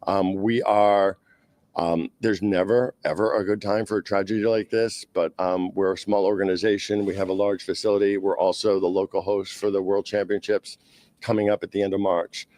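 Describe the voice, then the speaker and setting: A man with a Boston accent, speaking for a skating club at a press conference, pausing often with "uh" and "um". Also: low voice, flat delivery, darkish tone, no echo. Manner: halting, frequent "uh" and "um".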